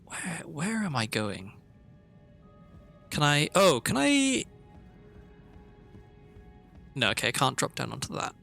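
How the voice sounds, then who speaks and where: A man's voice: on the high side, wildly swooping pitch, measured pace, gravelly, fairly bright tone. A man from Wales, chatting casually as he streams a game and thinks aloud, with lots of fillers and restarts. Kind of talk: casual live gameplay commentary. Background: faint background music.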